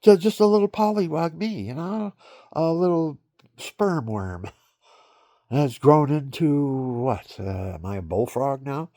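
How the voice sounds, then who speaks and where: Animated, gravelly seventies man rambling. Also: a little high, measured pace, no room sound, clean studio sound. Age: 70s. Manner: animated, laughing, barking asides. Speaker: vlogger. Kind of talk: rambling personal monologue.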